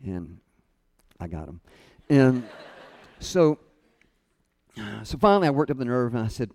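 A middle-aged man giving a storytelling sermon, self-deprecating and funny, chuckling often and dropping his voice soft and low at tender moments. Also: sing-song, a little slow, long pauses. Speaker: speaker at a college chapel.

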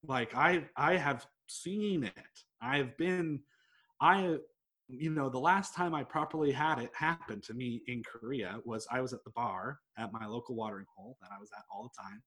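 A man's voice: mid-range voice, animated, moderate pace, fairly bright tone, slightly rough. Young guy on a podcast, rambly, says like a lot, swears, ordinary mid voice. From United States. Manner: rambling, storytelling, swears freely, fillers like "like". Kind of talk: casual chat.

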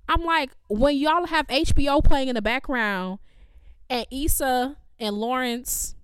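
Animated woman ranting. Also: sits high, a little slow, clear, resonant tone, dry recording, clean studio sound. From Chicago, USA. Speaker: podcast co-host. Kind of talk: casual chat.

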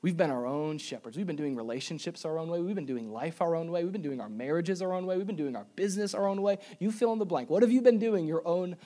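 A man preaching a sermon to a congregation in a church, moving between quiet intimate asides and loud emphatic appeals. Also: on the high side, quick pace, hardly any pauses. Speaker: pastor. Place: church sanctuary before a congregation.

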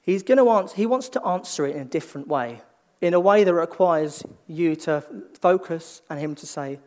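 High-voiced man preaching conversationally. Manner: swings between lively emphasis and hushed, slow delivery; repeats and restarts phrases as he thinks aloud. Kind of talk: conversational sermon.

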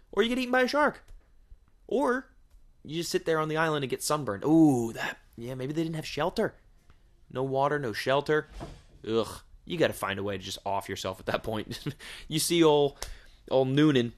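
A man hosting a podcast, rambling through a crude, joking monologue full of swearing and rhetorical questions. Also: medium pitch. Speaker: podcast host. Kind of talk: casual comedic podcast monologue.

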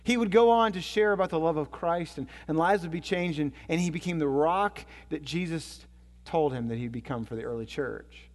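A male pastor delivering a sermon with a fairly high voice, his words ringing through a long hall reverb. He tells stories, climbing loud and excited, then dropping to a hushed, low tone. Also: normal speed.

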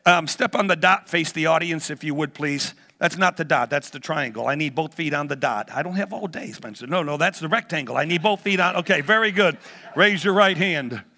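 A man's voice: a little high, fairly quick, pushed and bright. A man in his sixties, a guest preacher leading a playful children's talk in a church, teasing the audience like a game-show host. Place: church hall.

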